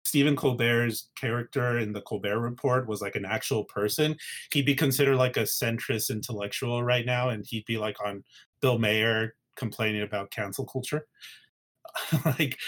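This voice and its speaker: A man hosts a casual political podcast at an ordinary middle pitch. He rambles, piling up fillers and restarts as he thinks aloud. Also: fairly bright tone. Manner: rambling, many fillers and restarts, laughing asides. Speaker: podcast host.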